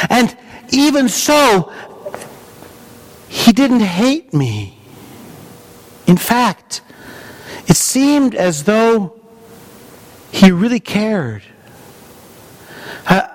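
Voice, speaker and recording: A man playing a repentant dying thief, high voice. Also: big pitch swings, heavily acted. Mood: awed. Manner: halting, emotional first-person storytelling. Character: repentant dying male thief, awestruck and remorseful.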